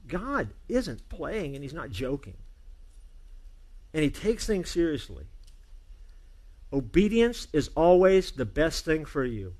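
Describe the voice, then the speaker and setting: A male pastor preaching a sermon to a congregation, earnest, urging loudly at times and dropping to a hushed emphasis. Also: on the high side.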